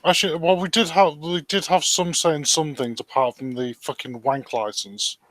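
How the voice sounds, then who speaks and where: Matter-of-fact man, fairly high voice. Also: steady tone, moderate pace, a bit bright. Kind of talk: casual group banter.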